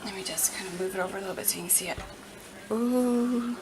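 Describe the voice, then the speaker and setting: A woman's voice: medium pitch, quick pace, background noise. A woman giving a casual home cooking demonstration, chatting to the food and her viewers as she works. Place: home kitchen.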